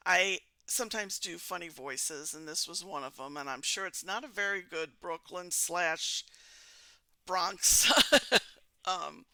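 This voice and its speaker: A woman's voice: lowish voice, takes it slowly, sharp tone, no room sound. Chatty amused woman host, dry sound. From Missouri, United States. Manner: chatty, amused, lots of fillers like um. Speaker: podcast host baiting romance scammers. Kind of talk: casual commentary.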